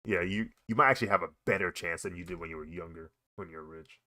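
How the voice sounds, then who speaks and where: A young artist streams a drawing session, speaking fast in a low, bright, forceful voice. He chats and rambles casually as he draws, laughing often and saying "bro" a lot.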